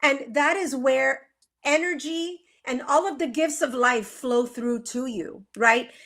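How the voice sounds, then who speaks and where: A woman's voice: high voice, slow pace, fairly bright tone. A woman who practices feng shui, explaining in earnest on a live video call, with many fillers and rhetorical questions. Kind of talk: conversational interview.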